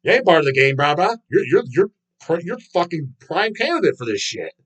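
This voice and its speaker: A man's voice: fairly high pitch, sing-song, a little fast, a bit bright, slightly rough. A middle-aged man hosting a livestream, ranting in a swaggering, foul-mouthed, mocking way. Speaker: livestream host. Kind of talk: profane casual rant.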